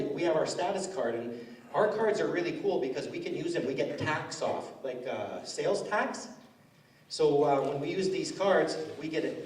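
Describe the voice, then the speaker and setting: A man's voice: on the high side, darkish tone. A man doing stand-up comedy in a school hall, telling stories in a rambling, chatty way. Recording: echoey hall from far off.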